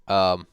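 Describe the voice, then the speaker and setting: A man with a lowish, smooth voice hosts a casual livestream. He rambles through his points, dropping "like" into nearly every phrase and swearing freely while responding to chat. The sound is dry and close. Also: a bit bright, no room sound. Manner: rambling, heavy with "like" fillers and swearing; reads out and answers chat messages. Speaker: livestream host.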